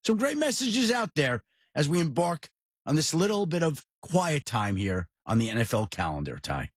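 A middle-aged man with a husky, slightly breathy voice talks sports on a podcast. He is animated and emphatic, and his pitch climbs when he presses a point. The sound is close and dry, with no room around it. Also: normal speed, no echo. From New York area. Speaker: podcast host. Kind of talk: casual sports talk.

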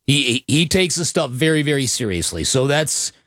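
A man's voice: mid-range voice, sing-song, moderate pace, a bit bright, dry recording. A man co-hosting a studio sports talk show, chatty and emphatic, often restarting his sentences. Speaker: sports radio co-host. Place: radio studio. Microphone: studio microphone.

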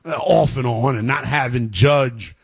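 A man's voice: mid-range voice, unhurried, creaky, slightly rough. A man hosting a sports radio show, giving emphatic, fired-up commentary and talking straight to his listeners.

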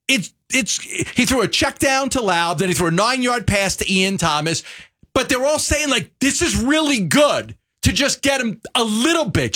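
Animated New York man on sports radio. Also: extremely high pitch. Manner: animated, halting, with many restarts. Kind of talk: casual sports radio talk.

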